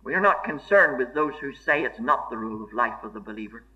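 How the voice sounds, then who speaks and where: A man's voice: mid-range voice, animated, fast talker, bright, forceful tone. A man preaching a sermon in an earnest, emphatic way, repeating key phrases for stress. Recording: dull lo-fi sermon recording.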